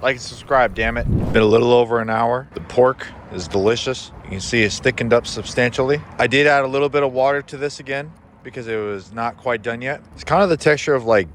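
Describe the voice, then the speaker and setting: A man's voice: medium pitch, quick pace, few pauses, a little hiss or hum. A man hosting a cooking vlog from an outdoor kitchen, talking in a laid-back, offhand, wry way as he cooks. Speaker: cooking channel host. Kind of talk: casual cooking vlog talk.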